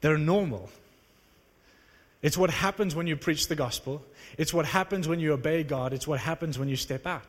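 A man preaching to a live audience, telling a story in an animated, conversational, self-mocking way. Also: fairly high pitch, normal speed. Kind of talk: sermon storytelling. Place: large hall with live audience. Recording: long reverb of a large hall.

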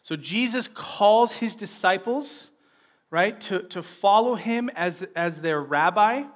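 A man with a high voice preaches slowly on a Bible passage in a conversational style. He keeps checking in with "right?" and retells the scenes in lively, everyday language.

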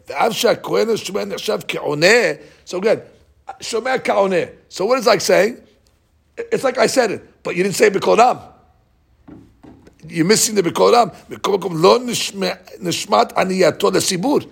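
A man teaching a lively religious text class, asking his students questions and reading passages out quickly. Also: high-pitched, creaky, breathy edge. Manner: animated, questioning the class, reads Hebrew text fast. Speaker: rabbi teaching a Talmud class. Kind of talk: Talmudic lesson, mixing English and Hebrew.

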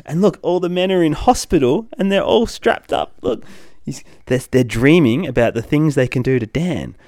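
Playful, animated dad reading aloud. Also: male voice, on the high side, normal speed, no echo, clean studio sound. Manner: playful, sing-song storytelling with big reactions. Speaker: podcast host reading a comic to his child. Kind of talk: animated comic read-aloud.

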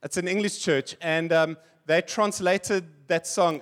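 A man with a notably high-pitched voice delivers a sermon to his congregation. He preaches in an easy, conversational way, breaking off into humorous stories and chuckling along with them. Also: a little slow, few pauses, fairly bright tone. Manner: conversational preaching, tells funny anecdotes and laughs. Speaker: pastor.

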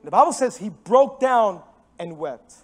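A pastor with a strikingly high voice for a man preaches in a church, telling his story with big swings from emphatic, near-shouted lines to quiet, hushed ones. He repeats key phrases for stress, and faint music plays softly behind his mic'd voice. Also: unhurried. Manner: animated storytelling with sudden drops to hushed tones. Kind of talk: sermon. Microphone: microphone.

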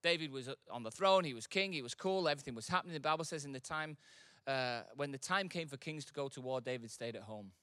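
Bright-voiced preacher, conversational. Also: male voice, mid-range voice, fast talker, hardly any pauses, dry recording, studio quality. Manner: conversational, swelling into impassioned loud preaching. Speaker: pastor. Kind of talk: sermon.

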